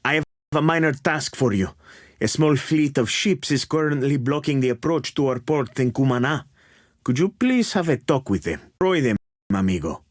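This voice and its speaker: A man voicing a brisk, dismissive colonial officer who hands out tasks and drops Spanish words, recorded as dry studio takes. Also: medium pitch, no room sound, natural voice. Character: curt busy male colonial officer giving pirate tasks. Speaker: game voice actor. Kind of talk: video game voice-over takes.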